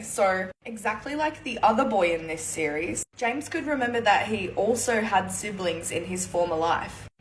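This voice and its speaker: A woman host chatting excitedly as she tells a spooky true story. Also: medium pitch, recorded from a distance, slight background noise, rough recording. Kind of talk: casual storytelling commentary.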